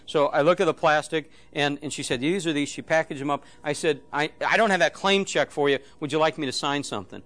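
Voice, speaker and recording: A man's voice: a little high, fast, hardly any pauses, fairly bright tone. A middle-aged man preaching a sermon, telling a story with quoted dialogue in an emphatic way. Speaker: pastor.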